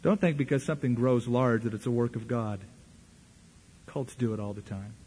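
A man's voice: mid-range voice, moderate pace, dark tone, a little hiss or hum. A male pastor preaching a sermon, making dry, mocking asides.

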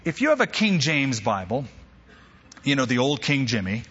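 A male pastor preaching a sermon, an animated storyteller who drops humorous asides. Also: medium pitch, moderate pace, breathy edge, long reverb tail, muffled recording.

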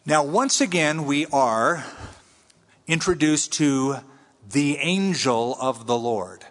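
A man preaching a conversational sermon, teaching from the Bible with animated swings between high and low. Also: takes it slowly. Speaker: pastor. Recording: long reverb in a large hall.

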